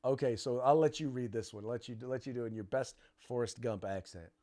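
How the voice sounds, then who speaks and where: A man's voice: mid-range voice, brisk, dark tone. A man hosting a casual political podcast, speaking emphatically and often restarting phrases. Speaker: podcast host.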